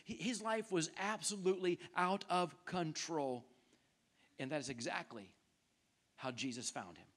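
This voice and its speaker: A man's voice: a little high, unhurried, a bit bright. A man preaching a sermon in a church, telling a story conversationally and speaking directly to the congregation. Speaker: pastor. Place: church sanctuary.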